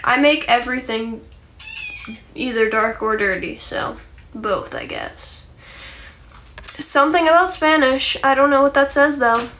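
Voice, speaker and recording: A woman's voice: high-pitched, normal speed, bright, forceful tone, a little hiss or hum. A young woman chatting casually on a phone livestream, rambling with lots of likes and ums and casual swearing.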